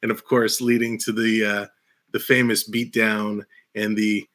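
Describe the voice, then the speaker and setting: A man's voice: lowish voice, little pitch movement, a little slow, fairly bright tone. A man hosting a casual live stream, rambling enthusiastically and laughing often while talking through a headset mic in a small room. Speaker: livestream host.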